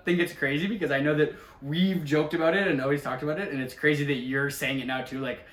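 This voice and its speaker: Excited man chatting in an echoey room. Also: on the high side, quick pace. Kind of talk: casual chat.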